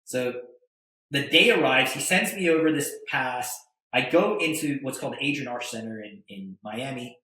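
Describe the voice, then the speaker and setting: Bright-voiced man telling a story. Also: medium pitch, normal speed, very echoey, poor audio. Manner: animated, stammering restarts, tag questions. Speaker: podcast guest, attorney and entrepreneur. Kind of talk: casual anecdotal storytelling.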